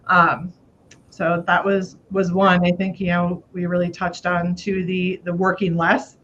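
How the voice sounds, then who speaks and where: Woman host, casual podcast talk, upbeat and laughing, slightly dull recording with low rumble. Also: completely flat delivery, measured pace, a bit bright. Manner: laughs often, chatty and upbeat, swears casually.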